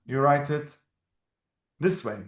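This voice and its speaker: A man whose first language is Arabic, teaching a language lesson and patiently repeating each word slowly. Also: on the high side, lively intonation. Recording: roomy echo.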